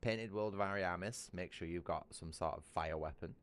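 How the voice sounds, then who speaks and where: Livestreaming a game from his home in Britain, a man rambles crudely and casually, restarting sentences and bursting into laughter. His voice is low-pitched and moves at a normal speed.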